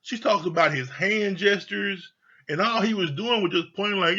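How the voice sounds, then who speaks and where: A man's voice: sits high, moderate pace, bright, forceful tone, highs cut off. A man giving a casual, profanity-laced review of a TV show, blunt, exasperated and mocking.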